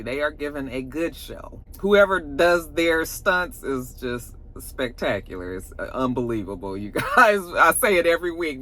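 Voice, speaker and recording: Female reviewer, casual chatty recap, bright forward tone, acts out quoted lines. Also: deep voice. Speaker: TV episode reviewer.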